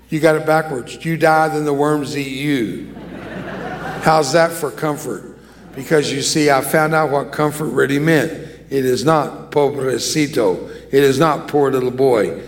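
A man's voice: on the high side, unhurried. Older male evangelist preaching emphatically. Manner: emphatic call-and-response preaching. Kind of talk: sermon.

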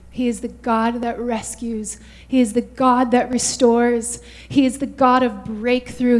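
A woman preaching a fervent sermon, often saying "you guys" and "hallelujah" to the congregation. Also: a little high.

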